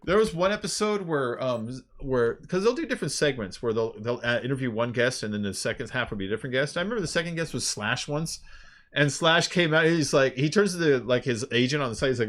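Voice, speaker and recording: A man streaming a game, chatting casually in a rambling, animated way with lots of fillers and laughs. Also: mid-range voice, fast. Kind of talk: casual chat while playing a game.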